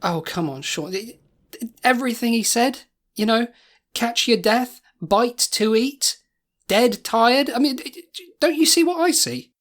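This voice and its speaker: A woman's voice: fairly high pitch, lively intonation, unhurried. A woman in an improvised comedy audio drama, talking in a jittery, stammering, paranoid way. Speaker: comedy podcast co-host.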